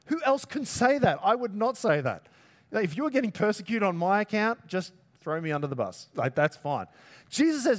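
Animated preacher man, fairly high voice. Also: fairly quick. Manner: conversational, animated, jokey asides. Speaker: pastor. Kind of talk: sermon.

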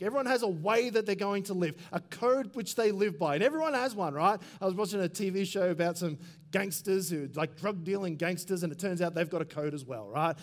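A man preaching a sermon in a relaxed, conversational way, full of asides and quick fillers. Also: high-pitched. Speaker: pastor.

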